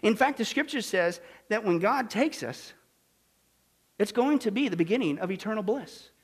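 A male pastor preaching a sermon, swinging from hushed, low lines to loud, emphatic ones. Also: expressive, moderate pace, breathy edge.

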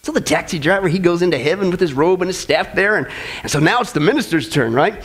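High-voiced casual male preacher. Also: animated, fast talker, a bit bright, husky. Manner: casual, jokey, keeps saying "folks" and "okay?". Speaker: pastor. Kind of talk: sermon with jokes.

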